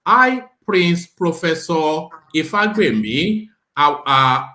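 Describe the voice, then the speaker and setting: A male host leads a political talk show, reading a legal document aloud with emphasis. His voice is bright and lively, swinging up and down in pitch. A roomy echo hangs around every word. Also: slow.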